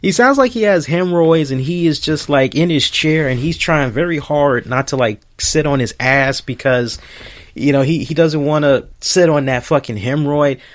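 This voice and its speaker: A man's voice: on the high side, moderate pace. A man hosting a podcast, ranting in a casual, rambling way with lots of swearing. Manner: profane, rambling, animated. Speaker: podcast host.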